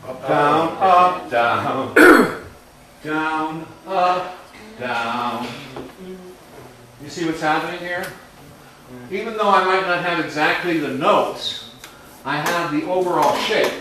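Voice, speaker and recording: A man's voice: on the high side, takes it slowly, pauses often, pushed and bright, recorded from a distance, slight background noise. A man teaching a music workshop to a class, explaining melody and rhythm and singing out rhythms on nonsense syllables. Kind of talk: classroom lesson. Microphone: distant recorder in the room. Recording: very echoey room recorded from afar, faint music.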